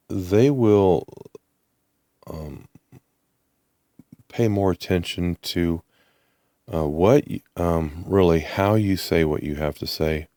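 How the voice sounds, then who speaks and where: A man with a low, deep voice talks at an unhurried crawl, pausing often and restarting his sentences. The sound is dry and close, with no room around it. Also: warm tone, no room sound. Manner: slow, halting, many ums and restarts. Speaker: channel host. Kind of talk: unscripted monologue to camera.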